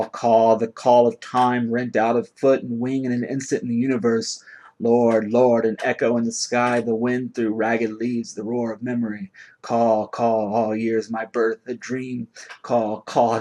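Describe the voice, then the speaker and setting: A man's voice: mid-range voice, darkish tone. A man giving a dramatic reading of a long poem in an incantatory, chanting rhythm. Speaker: poetry reader.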